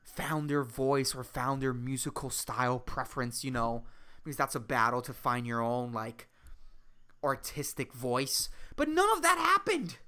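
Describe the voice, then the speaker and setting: A woman hosting a solo podcast, ranting sarcastically and swearing often, jumping between loud outbursts and low mutters. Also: flat delivery, unhurried. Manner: profane, rambling and sarcastic, says dude a lot. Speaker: podcast host.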